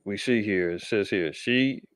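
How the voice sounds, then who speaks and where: Male host, low voice, loose street-slang news commentary, dry sound. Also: moderate pace, dry recording. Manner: loose, conversational, restarts and slang. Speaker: podcast host.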